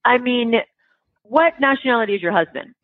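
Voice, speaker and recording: A woman's voice: fairly high pitch, animated, moderate pace, no room sound. A woman in her forties, a relationship expert talking in a frank, blunt, philosophical way as an interview guest. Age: 40s. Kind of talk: casual interview chat. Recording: tinny phone-like line, dry.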